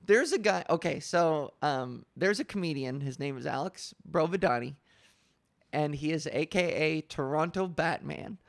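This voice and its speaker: A young woman hosting a podcast, telling stories in a casual, animated way with lots of fillers. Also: low-pitched, moderate pace, creaky, no echo, clean studio sound. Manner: animated storytelling with frequent laughs and fillers. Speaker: podcast host. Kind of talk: casual chat.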